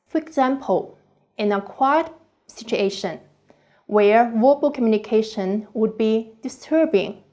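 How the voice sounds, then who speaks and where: Slow, deliberate woman lecturer. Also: a little high, animated, mellow. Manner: slow, deliberate reading with careful pauses. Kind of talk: scripted online course lecture.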